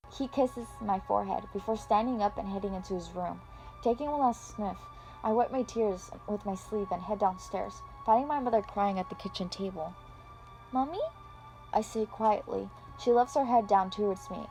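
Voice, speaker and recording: Woman reading a dramatic fanfic out loud, expressive, quiet music underneath. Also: mid-range voice, normal speed, gravelly, poor audio. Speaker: story reader. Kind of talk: first-person story reading.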